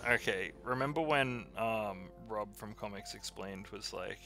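Giggly rambling man with a gravelly voice. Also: on the low side, measured pace, sharp tone, soft background music. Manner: giggly, rambling, lots of likes and ums. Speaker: co-host of a gaming channel. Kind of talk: casual gaming chat.

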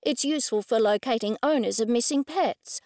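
Audiobook: woman narrator reading a polite, helpful clinic receptionist, bright and fairly high. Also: moderate pace, dry recording, studio quality, natural voice.

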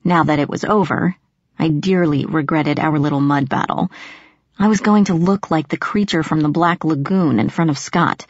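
A woman narrating a first-person audiobook in a measured storytelling manner. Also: low voice, dry recording. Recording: dry, slightly muffled.

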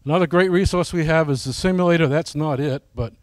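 A man's voice: on the high side, quick pace, dry recording. A man giving a casual, folksy presentation to his flying club, often asking the audience questions.

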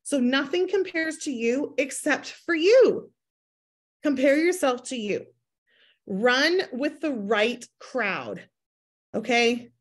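Lively woman hyping up her team, slightly high voice, does little voices for what people think. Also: slow pace. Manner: animated, acts out inner voices in quoted asides. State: pregnant, near her due date. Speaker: network marketing team leader. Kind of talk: motivational talk to a team.

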